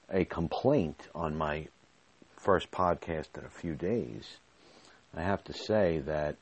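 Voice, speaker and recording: A man's voice: deep voice, a little mellow. A man hosting his own podcast, talking candidly and rambling with restarts, a little out of breath. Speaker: podcast host. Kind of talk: personal podcast monologue.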